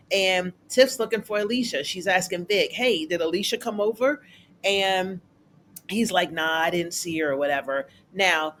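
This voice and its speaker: This is a casual recap host talking through a TV episode in a chatty, everyday way. The voice sits at a middling pitch. The speaker jumps higher to act out what the characters say. A faint hum of room ambience runs underneath. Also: a bit bright. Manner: chatty, colloquial, acts out characters' lines in a raised voice. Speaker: TV recap reviewer.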